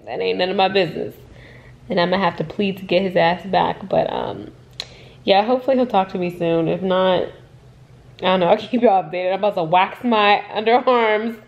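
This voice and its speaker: A woman's voice: mid-range voice, normal speed, creaky, dull audio. A young woman in her twenties vlogging casually to camera while she has a head cold, talking candidly and swearing freely. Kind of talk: casual vlog chat to camera. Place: home and in a car.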